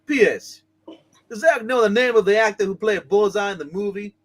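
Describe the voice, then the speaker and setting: A man's voice: sits high, moderate pace, pitched above the performer's own voice. A man putting on a goofy, hyped voice to read out a viewer's comment.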